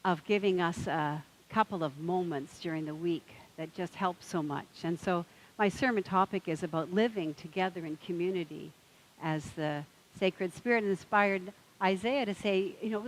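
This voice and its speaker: A woman's voice: on the low side, moderate pace, low-quality recording. A woman minister preaching a sermon in a conversational, storytelling manner.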